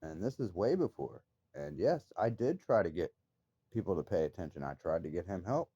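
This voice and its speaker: Male vlogger, lowish mellow voice, agitated and emphatic, swears freely, dry dull lo-fi recording. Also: very animated, normal speed, slightly rough, dry recording. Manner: agitated, emphatic storytelling with profanity. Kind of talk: casual personal monologue to viewers.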